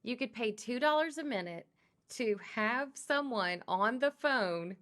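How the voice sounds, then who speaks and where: A woman co-host chatting casually in a bright, sharp voice. Her pitch swings widely as she tells stories animatedly. She laughs often along the way. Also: animated, unhurried. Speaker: talk show co-host. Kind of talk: casual chat.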